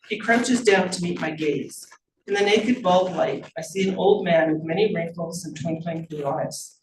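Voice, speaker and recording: A woman, the author, reading her novel aloud in a measured storytelling manner. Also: deep voice, steady tone. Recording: roomy, distant mic, faint noise.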